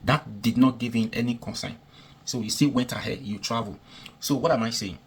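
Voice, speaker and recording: A man's voice: mid-range voice, a little fast, husky. A man with a Nigerian accent giving heated, unscripted political commentary, repeating himself and firing off rhetorical questions.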